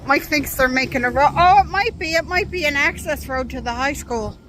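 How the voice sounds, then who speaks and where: A chatty woman, talking casually to her viewers in a vlog. Her voice sits a little high, and she laughs often between remarks. A faint hum of noise sits behind her. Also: brisk, a bit bright. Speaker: vlogger.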